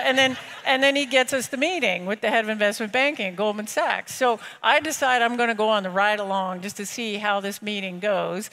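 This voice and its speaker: A woman speaking in a fairly high voice as she tells a startup story to a live audience. She talks casually, with fillers and quick laughs, and her voice jumps up whenever she acts out someone else's lines. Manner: lively, animated quoting of others. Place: large room with an audience.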